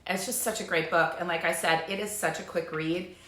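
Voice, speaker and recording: A woman's voice: on the low side, fairly even intonation, fairly quick, fairly bright tone. A woman talking in a casual live stream as a life coach, bubbly and chatty with lots of fillers. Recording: echoey room.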